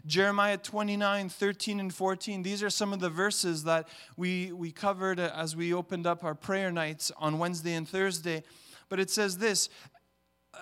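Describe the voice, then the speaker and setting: A man preaching a sermon as pastor to his congregation, building to loud, emphatic peaks and acting out family stories. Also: high-pitched, little pitch movement, moderate pace, clean tone. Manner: acts out family stories with voices.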